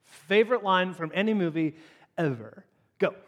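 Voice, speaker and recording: A man opening a sermon in a playful way, joking with and teasing his audience and rising sharply in pitch when surprised. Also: animated, moderate pace.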